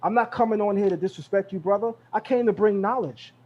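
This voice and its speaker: A high-voiced man holds the floor on a live podcast and hammers his points home through repetition. His tone is confrontational and insistent. The call audio sounds dull and lo-fi. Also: quick pace, a little hiss or hum. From Brooklyn, New York. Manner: emphatic, repeats phrases, confrontational. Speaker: guest speaker. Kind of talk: heated live podcast talk.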